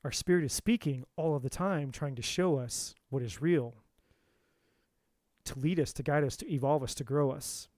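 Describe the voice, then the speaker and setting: A man with a slightly high voice tells a heated story on a live tarot stream. He swears freely and circles back over the same phrases as he builds his point. The sound is close and dry. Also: normal speed, darkish tone, no echo. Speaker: tarot reader. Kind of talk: live-stream spiritual talk.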